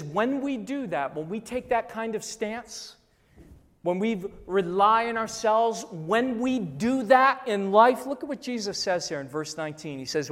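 A pastor in their fifties preaching a sermon emphatically, repeating phrases and dropping to a hush on key words. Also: mid-range voice. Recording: long hall reverb.

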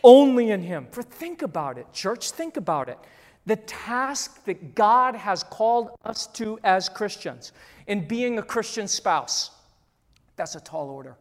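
A pastor preaching a sermon, animated, repeating phrases, swinging between soft and loud. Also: medium pitch, unhurried. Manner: animated, repeating phrases, surging and dropping volume. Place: church hall. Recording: long hall reverb.

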